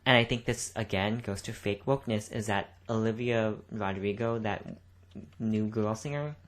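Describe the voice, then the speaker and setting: A woman's voice: extremely low pitch, moderate pace. A young woman co-hosting a podcast, chatting casually in a rambling way and swearing freely. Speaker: podcast co-host. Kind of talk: casual chat.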